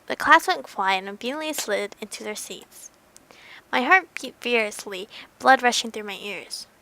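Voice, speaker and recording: A woman's voice: fairly high pitch, lively intonation, moderate pace, gravelly, bright, forceful tone, low-quality recording. A young woman narrating a visual novel game aloud, breaking in with playful, giggly reactions. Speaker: game streamer.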